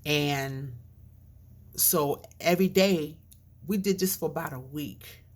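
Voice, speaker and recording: Low-voiced woman telling a chatty story. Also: slow, darkish tone. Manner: chatty, with fillers and asides; slightly mushy speech from a mouth chain. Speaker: vlogger. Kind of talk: casual storytelling vlog.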